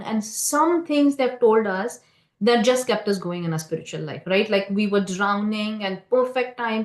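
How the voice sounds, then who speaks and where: Woman telling stories in a roomy hall. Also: medium pitch. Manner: hesitant, many fillers and restarts; conversational, checking in with "right?". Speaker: temple class speaker. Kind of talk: storytelling scripture class. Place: temple hall.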